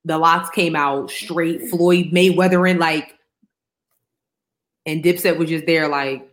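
A woman's voice: sits low, steady tone, slow. A woman co-hosting a podcast in casual chat, emphatic and slangy, repeating her punchlines for effect. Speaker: podcast co-host.

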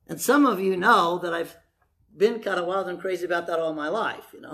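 High, bright-voiced preaching man. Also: brisk. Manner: emphatic preaching, swinging from hushed to shouting. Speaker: pastor. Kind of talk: sermon. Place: church before a congregation.

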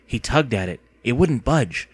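A man narrating an audiobook with expressive storytelling. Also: mid-range voice, measured pace, slightly rough.

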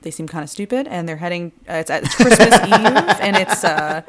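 A woman's voice: lowish voice, moderate pace, crowd noise. A woman co-hosting a casual movie-review podcast, telling the plot with frequent giggles. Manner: giggly, animated storytelling. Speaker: podcast co-host.

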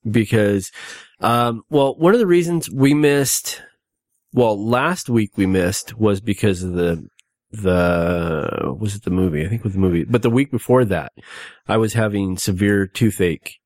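A man's voice: lowish voice, unhurried, darkish tone, no echo, clean studio sound. A man hosting a casual podcast, rambling with many fillers and restarts while talking after having two back teeth pulled. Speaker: podcast host.

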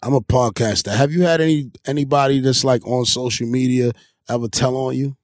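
A man hosting a podcast, telling stories in an animated, joking way. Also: mid-range voice, fairly quick, no room sound, studio quality. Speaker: podcast host. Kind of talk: casual interview banter.

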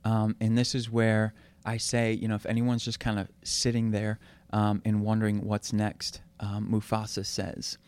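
A young man tells a story in an earnest, easygoing way, with plenty of ums along the way. His voice is smooth and resonant, recorded close and dry with no room sound. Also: fairly low pitch, normal speed, few pauses, no echo. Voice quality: relaxed, filler-heavy, earnest. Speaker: guest. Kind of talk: casual faith chat with storytelling.

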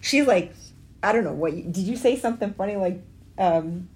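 A woman's voice: medium pitch, expressive, normal speed, darkish tone. Swearing woman cohost, casual chat. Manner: swears freely, laughs while telling stories. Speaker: podcast co-host and salon owner.

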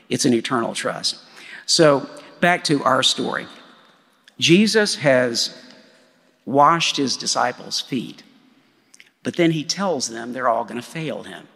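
A man's voice: medium pitch, vocal fry, pushed and bright, breathy edge. A male pastor preaching a sermon in a conversational way, often checking in with "right?". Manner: conversational, with frequent "right?" tags. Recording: long hall reverb.

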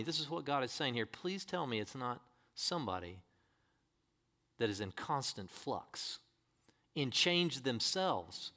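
A man's voice: mid-range voice, lively intonation, a little slow, long pauses, pushed and bright. A man preaching a sermon as pastor, reading scripture and pressing the congregation with emphatic rhetorical questions.

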